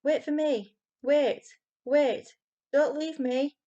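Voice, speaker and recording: Lady doing a shrill little boy wailing in fright, high and loud. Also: fairly even intonation, extremely slow, dull audio. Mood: terrified. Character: panicky young boy, shrill and terrified.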